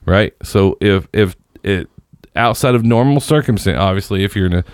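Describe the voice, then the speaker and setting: A man's voice: lowish voice, normal speed, clear, resonant tone, dry recording, clean studio sound. A man in his late thirties telling rambling, profane stories in casual chat among friends. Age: 30s.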